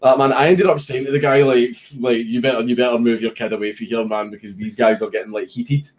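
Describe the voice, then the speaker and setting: A young Scottish man chatting casually about something that happened to him. He tells it with animated energy, swears freely and laughs at the funny parts. His pitch sits in the middle of the usual male range. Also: quick pace. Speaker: streamer. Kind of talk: casual storytelling chat.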